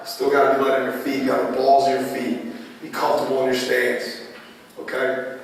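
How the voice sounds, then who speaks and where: A man's voice: medium pitch, flat delivery, a little fast, gravelly, long pauses, a little hiss or hum. A male coach giving a clinic presentation, telling stories in a casual, joking way. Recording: echoey hall, far from mic.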